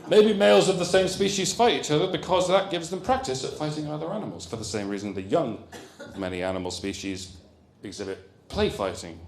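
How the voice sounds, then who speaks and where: A man giving a comic lecture at a conference, animated and jokey with rambling asides. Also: fairly low pitch. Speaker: comedian giving a conference talk. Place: conference hall. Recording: roomy hall echo.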